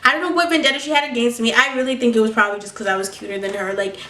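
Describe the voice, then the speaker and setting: A young woman tells a story in a casual vlog, dramatic and full of sass and swearing. Her voice sits a little high and sounds bright and sharp. It bounces around an echoey room, picked up from a little way off the mic. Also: very fast, far from the mic. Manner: animated, profane, sassy and dramatic. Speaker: vlogger.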